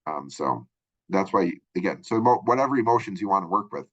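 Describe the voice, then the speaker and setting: Man, college instructor, very low voice, rambling recorded lecture, dull lo-fi sound. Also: lively intonation, fairly quick, a bit bright, slightly rough. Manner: rambling, filler-heavy explaining.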